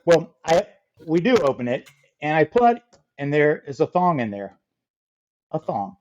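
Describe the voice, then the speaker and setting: A middle-aged man telling a funny story as a podcast guest, lively and acting out the people in it. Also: a little high, a little slow, muffled recording, background noise. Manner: animated, acts out quoted voices. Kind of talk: casual storytelling.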